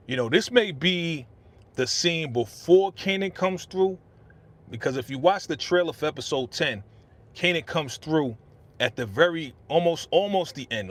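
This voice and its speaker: A man hosting a casual live stream, talking in a chatty, slangy way and reading viewer comments aloud into a studio microphone. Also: on the high side. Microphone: podcast studio microphone.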